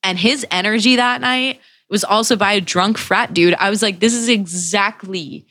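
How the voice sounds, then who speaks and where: Host, woman in her twenties, casual profane storyteller, mid pitch, dry close podcast mic. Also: normal speed, dry recording. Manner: profane, animated retelling with acted-out quotes.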